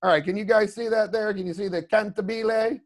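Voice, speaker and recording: A man's voice: high voice, fairly even intonation, quick pace. A man teaching a creature design class over a video call, chatty and rambling with lots of asides. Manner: rambling, chatty, lots of "you know what I mean". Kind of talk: casual online class talk.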